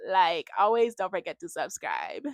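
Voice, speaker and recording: A young woman ranting casually about a reality show, full of "like" and animated reactions. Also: lowish voice, moderate pace, creaky, dry recording. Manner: chatty, heavy on "like", animated reactions. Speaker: reality TV recap vlogger. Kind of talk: casual rant to camera.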